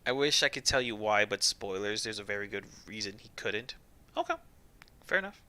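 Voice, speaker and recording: Bright-voiced joking male streamer. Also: on the low side, brisk. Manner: chatty, joking, laughs often. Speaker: streamer playing a game. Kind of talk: casual let's-play commentary.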